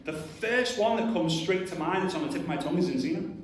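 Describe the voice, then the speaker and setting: A conference speaker in his thirties delivers an earnest, emphatic motivational talk to an audience in a large hall, often saying "like" and acting out little voices. His voice is high and brisk. The recording is echoey with a distant mic and a little hiss or hum.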